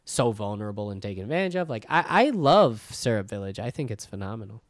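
A man's voice: lowish voice, very animated, quick pace, dry recording, studio quality. A young man hosting a casual podcast chat, enthusiastic, often saying dude and swearing casually. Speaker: podcast host.

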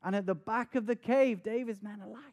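Preacher, male, high voice, earnest sermon delivery with dramatic retellings and stuttered repeats. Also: brisk, a little mellow. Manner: earnest, repeats words when stressing a point; dramatic, acts out scenes with raised voice.

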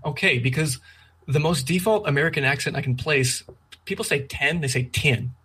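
Casual chatter, Canadian man, husky, quick and slurry, remote call. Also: on the high side, a bit bright. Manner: fast-talking, slurs words, jokey. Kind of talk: casual chat.

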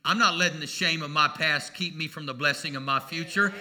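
A man's voice: fairly high pitch, a little fast, pushed and bright, slight background noise. A man preaching a sermon to his congregation in a folksy, emphatic way, mixing humor into his message. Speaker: pastor. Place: church before a congregation.

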